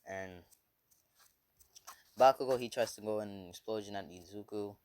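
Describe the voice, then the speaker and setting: A man's voice: on the low side, fast, darkish tone. A man casually retelling a fan story, rambling with many fillers and swearing.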